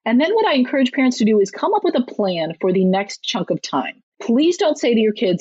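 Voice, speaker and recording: Woman, guest author, husky, emphatic chatter, dry dull lo-fi podcast sound. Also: very animated, a little fast, hardly any pauses, dark tone, no room sound. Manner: chatty, emphatic, acts out quotes in a higher voice. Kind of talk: podcast interview.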